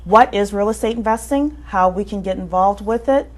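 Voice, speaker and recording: A woman's voice: medium pitch, moderate pace. Woman host with a scripted welcome. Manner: scripted intro, frequent mm-hmm backchannels. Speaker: show host. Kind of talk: interview hosting.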